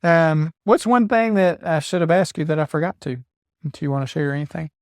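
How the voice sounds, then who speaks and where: A man's voice: a little high, darkish tone, no echo, studio quality. A man hosting a podcast, chatting with a guest in an upbeat, enthusiastic way. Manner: upbeat and enthusiastic, quick to agree. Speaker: podcast host. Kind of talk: casual interview chat.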